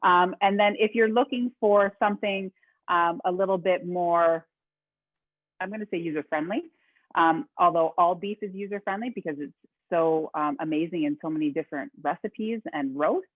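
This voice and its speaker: A woman's voice: fairly low pitch, normal speed, no echo. Chatty woman on a tinny call line. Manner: chatty, many fillers and restarts. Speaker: cooking demonstrator. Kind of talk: live cooking demo webinar. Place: home kitchen. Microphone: video call. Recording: tinny phone-like audio.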